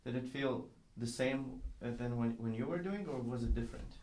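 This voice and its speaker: A man with a medium-pitched, darkish voice teaches a child violin in a one-on-one lesson, speaking a little fast. He explains patiently and sings the bowing rhythms aloud. The room is echoey, with faint noise.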